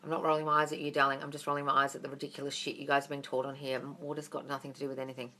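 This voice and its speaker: Australian woman, 30s, brash livestream coach, bright tone, blunt and sweary. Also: very deep voice, little pitch movement, very fast. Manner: blunt, brash and profane, calls listeners darling. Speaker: manifestation coach. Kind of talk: livestream Q&A, reading and answering viewer questions.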